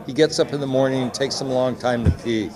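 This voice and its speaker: A man talking at a mid pitch, telling anecdotes in a relaxed, chatty way and putting lively voices on the people he quotes. A clear crowd murmurs behind him on a convention floor. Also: fast. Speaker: executive producer and director. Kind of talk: convention press interview. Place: busy convention hall. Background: loud crowd chatter.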